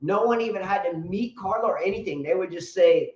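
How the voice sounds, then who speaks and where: A man's voice: sits high, fairly quick, darkish tone, lo-fi sound. Man, co-host, joking, repetitive teasing, roomy echo. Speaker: tennis show co-host. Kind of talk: casual live-stream chat. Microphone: computer mic on a live stream.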